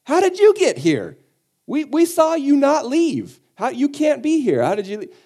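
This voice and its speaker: A man voicing a bewildered crowd of followers, exclaiming in a high, strained way. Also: wildly swooping pitch, moderate pace, mellow, heavily acted. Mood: baffled.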